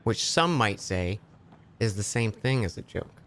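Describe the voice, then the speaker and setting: A man's voice: on the low side, lively intonation, a little slow, fairly bright tone, a little hiss or hum. A man chatting on a live gaming stream, telling a long joke with lots of stammered restarts. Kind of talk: casual live-stream chat while gaming.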